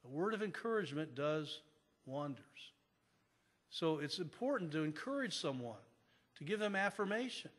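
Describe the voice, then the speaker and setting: A pastor preaching a sermon in an earnest manner, repeating key phrases for emphasis. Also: male voice, fairly high pitch, very animated, normal speed, breathy edge. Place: church sanctuary. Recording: long church reverb.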